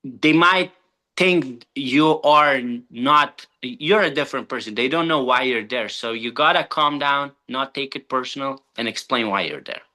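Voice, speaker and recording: Bright-voiced man telling a halting story. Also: mid-range voice. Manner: halting, many fillers. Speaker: insurance agent. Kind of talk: telling a work story on a training call. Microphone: video call.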